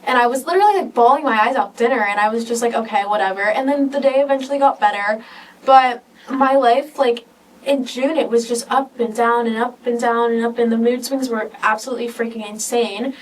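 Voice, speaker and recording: A woman's voice: on the high side, fairly even intonation, brisk, far from the mic, a little hiss or hum, poor audio. A teenage girl talking casually on a podcast, telling personal stories in an emotional, rambling way full of "like.". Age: teens. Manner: emotional, rambling storytelling with many "like"s. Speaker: podcast co-host.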